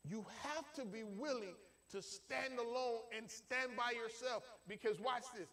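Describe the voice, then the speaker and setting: A man's voice: extremely high pitch, unhurried, fairly bright tone. A man preaching a sermon in a church, telling a folksy personal story with emphatic delivery. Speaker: pastor.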